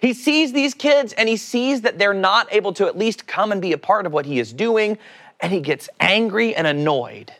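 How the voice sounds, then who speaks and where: This man's voice is high-pitched and his pace moderate as he delivers a laid-back sermon. Playful and lively, he quizzes the audience and performs the quoted lines in character.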